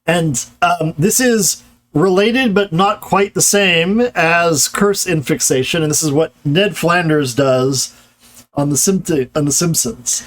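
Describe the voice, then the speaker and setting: A man giving a casual grammar lecture, explaining step by step and tagging his points with "right?" as his voice drops low. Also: slow. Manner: loose explanatory talk, tags points with "right?" and trails lower.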